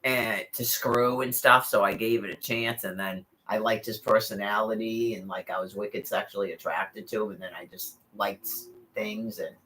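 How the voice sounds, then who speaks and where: A man's voice: fairly low pitch, fairly even intonation, normal speed, hardly any pauses, bright, forceful tone, slight background noise, poor audio. A man telling a long, rambling story in casual chat, cursing freely and leaning on "like" and other fillers. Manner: rambling, profane, full of fillers.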